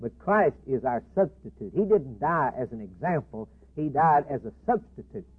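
A man preaching a sermon with impassioned, repetitive declarations that swing between loud and hushed. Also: mid-range voice, lively intonation, moderate pace. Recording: tinny phone-like band, husky.

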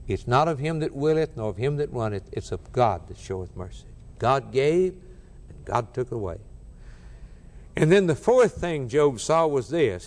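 Fervent male preacher, lively pitch. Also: big-room sound. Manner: fervent, swinging between soft and emphatic. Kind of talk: sermon.

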